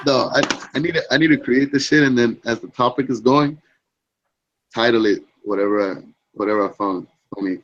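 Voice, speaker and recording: A man's voice: medium pitch, muffled recording, a little hiss or hum. A man chatting casually with friends, laughing and using crude slang about a clip he's playing. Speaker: chat room regular reacting to a clip. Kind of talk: casual chat.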